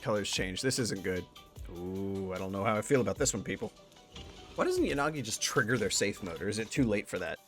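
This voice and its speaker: A man commenting on a game playthrough with joking, animated reactions, and reading the story narration aloud. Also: lowish voice, a little fast. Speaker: gaming streamer. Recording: commentary over game music.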